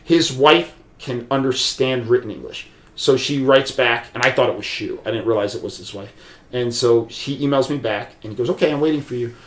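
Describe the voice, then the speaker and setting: A man's voice: mid-range voice, normal speed, a little hiss or hum. A man telling a long personal story as a podcast guest, loose and rambling, full of restarts and "like". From USA. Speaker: podcast guest, martial arts practitioner. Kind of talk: casual storytelling conversation. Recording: roomy echo.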